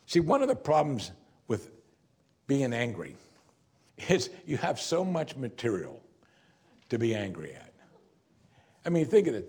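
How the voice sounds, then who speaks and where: Male pastor, husky voice, animated pitch, sermon delivery with direct questions to the congregation. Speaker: preacher.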